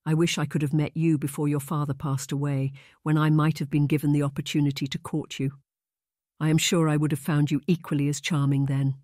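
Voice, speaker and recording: A man's voice: fairly high pitch, flat delivery, a little fast, darkish tone, no room sound, close to an everyday voice. Guy reading a lovesick young marquis, earnest and begging, formal old timey talk, dry sound. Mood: tender. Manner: earnest, pleading, formal period speech.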